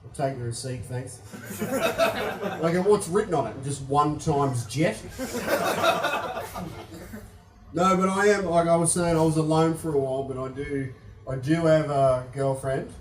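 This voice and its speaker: A man's voice: a little high, measured pace, pauses often, distant mic, background noise. A young Australian man doing a stand-up comedy set, rambling and self-deprecating with lots of swearing. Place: comedy venue with live audience. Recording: echoey room, mic picked up from afar.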